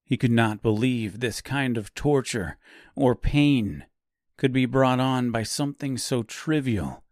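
Slow, measured male audiobook narrator. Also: mid-range voice, darkish tone, no echo, studio quality. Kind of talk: dark fantasy audiobook narration.

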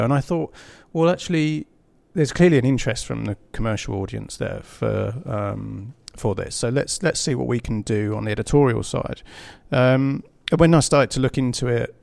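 A man's voice: mid-range voice, brisk, gravelly, few pauses, a little mellow. A man who edits a magazine, talking casually on a panel with lots of fillers and restarts. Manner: chatty, many fillers and restarts. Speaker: magazine editor.

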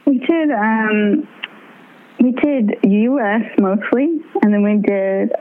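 A young woman and touring musician chatting as an interview guest, bubbly and laughing often as she tells animated stories. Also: medium pitch, takes it slowly. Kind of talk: casual interview chat. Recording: tinny phone-line audio.

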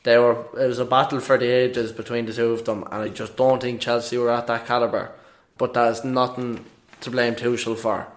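Brief: man, mid pitch, emphatic podcast co-host, football opinions. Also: level tone, normal speed, hardly any pauses. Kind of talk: casual football chat.

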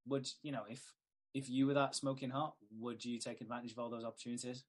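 A man's voice: mid-range voice, little pitch movement, quick pace. Exasperated sweary man. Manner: exasperated, repeats himself, swears. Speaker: podcast co-host. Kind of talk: casual sweary chat.

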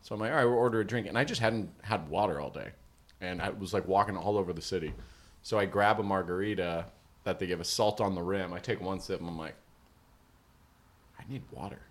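A man with a low, fast voice co-hosts a podcast in casual conversation. He's an animated storyteller, acting out what people said as he tells his stories.

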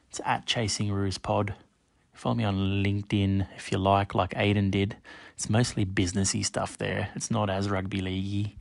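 A man's voice: on the low side, vocal fry, a little mellow, no echo. A man hosting a solo podcast, chatting casually and speaking straight to listeners by name. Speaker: podcast host.

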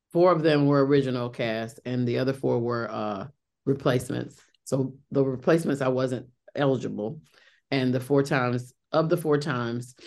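This middle-aged Broadway actress speaks with an extremely low, slightly mellow voice. Being interviewed, she chats casually with many fillers and restarts.

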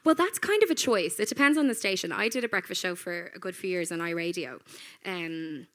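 Woman on a live podcast, bright voice, laughs a lot, chatty. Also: lowish voice, animated, a little fast. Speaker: guest, radio presenter. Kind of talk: casual podcast chat. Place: live podcast on a venue stage.

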